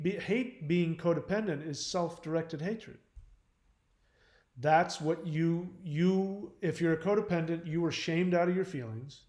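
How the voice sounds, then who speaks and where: A man speaks frankly and bluntly as he hosts a live advice stream, answering questions from chat. His delivery rambles loosely with fillers and restarts, and his voice sits a little high. The sound carries a clear roomy echo. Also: darkish tone. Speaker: channel host on relationships and codependency.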